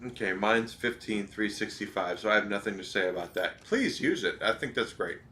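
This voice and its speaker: A man's voice: on the low side, expressive, fairly quick, pushed and bright, slight background noise. A man streaming a video game, giving rambling, opinionated advice with lots of fillers. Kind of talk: casual gameplay commentary.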